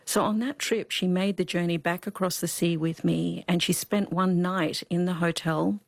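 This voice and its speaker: A woman telling a personal story in an interview, speaking reflectively with pauses and restarts. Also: lowish voice, steady tone, vocal fry, dry recording. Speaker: charity founder.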